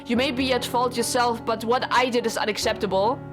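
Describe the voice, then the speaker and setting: A woman's voice: fairly high pitch, steady tone, brisk, voice pushed up, lightly acted. A woman reading the lines of a lovesick, formal young husband from a visual novel, earnest and pleading, with game music behind her. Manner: formal, pleading dialogue read aloud.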